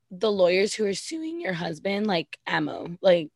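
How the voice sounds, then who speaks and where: A woman in a casual podcast chat, sassy and candid, swearing freely as she gives her takes. Her voice is a little husky at a middle pitch, and it sits close and dry with no room around it. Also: lively intonation, a little slow, a little mellow, no room sound. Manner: sassy, profane, candid opinions. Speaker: podcast co-host recapping reality TV.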